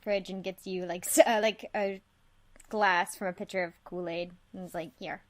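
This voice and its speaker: A woman's voice: on the low side, fairly even intonation, normal speed. A woman narrating as game master of a tabletop game, rambling with many fillers. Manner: rambling, lots of um and like.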